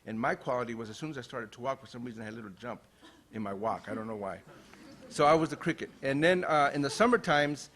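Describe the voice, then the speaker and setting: A poet from Los Angeles, a man, gives a relaxed, conversational introduction and then reads his verse in a measured, declamatory way. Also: mid-range voice. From Los Angeles, USA. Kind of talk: poetry reading with spoken introduction. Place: university lecture hall.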